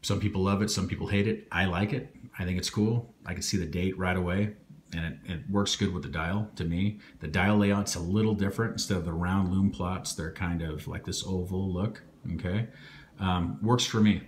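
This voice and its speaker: A man with a low voice walks through a watch comparison in a relaxed, rambling way. He keeps checking in with a quick "okay?" and fills his pauses with ums. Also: slight background noise. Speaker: watch reviewer. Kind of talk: casual product review.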